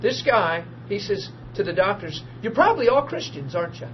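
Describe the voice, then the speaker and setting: A man preaching to a small group, telling testimony stories in a lively, informal way and acting out the people in them. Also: sits high, a little fast. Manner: animated, acts out quoted voices, laughs often. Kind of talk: informal sermon storytelling. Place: small group meeting room. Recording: dull lo-fi archive recording with faint hiss.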